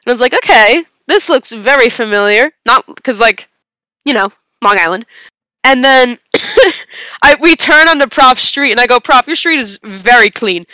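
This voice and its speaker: A young woman on a casual podcast, telling a long story in an animated, rambling way with bursts of laughter. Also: a little high, normal speed, no room sound. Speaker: podcast co-host.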